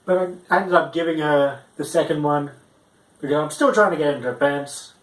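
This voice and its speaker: A young man doing a stand-up story, rambling and halting, with frequent restarts and fillers. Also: fairly high pitch, roomy sound, poor audio. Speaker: stand-up comic.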